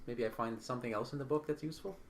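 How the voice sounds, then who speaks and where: A man's voice: mid-range voice, rapid-fire. A man playing a tabletop game as a player, talking casually, asking questions and swearing now and then.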